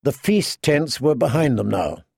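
A man reading a fantasy story aloud as narrator, measured and slowing down for dramatic emphasis. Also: medium pitch, big pitch swings, gravelly, darkish tone, breathy edge, no room sound, studio quality. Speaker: audiobook narrator.

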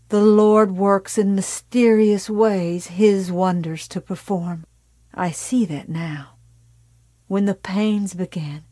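Lady reading as a creepy churchy mom, slow and hushed, preachy, dry close sound. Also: mid-range voice, no room sound. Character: fanatical religious mother, middle-aged, zealous and menacing.

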